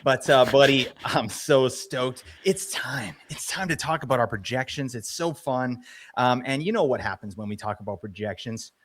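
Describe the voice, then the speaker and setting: A man's voice: medium pitch, moderate pace, a bit bright. A man co-hosting a podcast, playful and jokey, stammering a little in casual banter. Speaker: podcast co-host.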